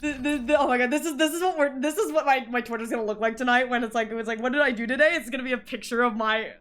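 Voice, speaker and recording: A woman streaming a game who talks in a casual, chatty way, gets excited easily and repeats words over and over. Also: sits high, rapid-fire. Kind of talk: casual live-stream chat while gaming.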